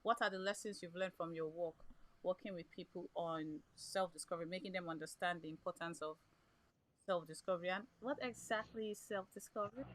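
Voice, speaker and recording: Woman podcast host, lower pitch, relaxed, rewords her questions as she talks. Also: rough recording. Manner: supportive, quick to laugh, searches for words when asking. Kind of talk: casual interview.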